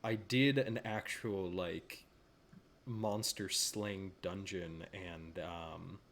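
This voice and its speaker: Brief: male writer, co-host. Bright, sharp tone, wry quick asides, faint background hiss. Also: sits low, fairly even intonation. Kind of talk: casual chat and reading game text aloud.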